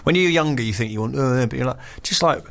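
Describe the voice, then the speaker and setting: A man's voice: medium pitch, fast talker, vocal fry, fairly bright tone. A man co-hosting a casual chat, rambling with many restarts and laughs. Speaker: podcast co-host.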